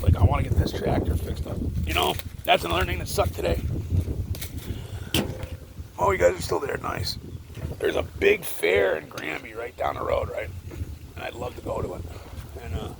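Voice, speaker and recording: Gravelly forty-year-old man rambling. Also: medium pitch, background noise. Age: 40s. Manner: rambling, heavy swearing, many fillers, emotional. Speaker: vlogger. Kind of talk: rambling confessional monologue to camera. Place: at home, indoors.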